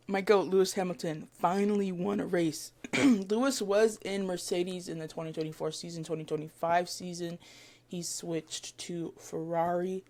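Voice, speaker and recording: A woman chatting casually to camera as a vlogger, excitable and rambling, with lots of fillers, giggles and self-corrections. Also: lowish voice, normal speed. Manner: gushing fan talk with giggles.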